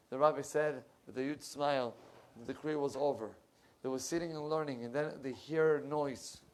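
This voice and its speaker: Impassioned rabbi preaching a sermon. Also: male voice, mid-range voice. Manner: impassioned, rising loud when telling stories, dropping to soft asides; searches for English words mid-sentence. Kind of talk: sermon with storytelling. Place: synagogue.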